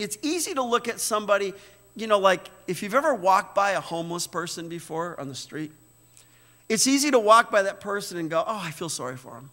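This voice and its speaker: A man's voice: high voice, pushed and bright. A man preaching a sermon as pastor, emphatic, repeating words and checking in with "right?". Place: church sanctuary. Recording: church hall reverb.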